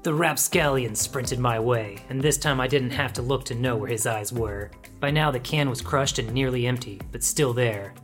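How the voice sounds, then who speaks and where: A man's voice: medium pitch, normal speed, hardly any pauses, soft background music, lightly acted. A man voicing a wry hardboiled noir detective. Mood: dry. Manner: wry, deadpan hardboiled narration. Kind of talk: noir audio drama narration.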